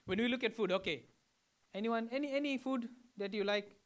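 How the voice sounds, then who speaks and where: A Fijian pastor with a very high voice preaches fairly quickly to a congregation. He teaches in a chatty, conversational way, often stopping to check in with questions.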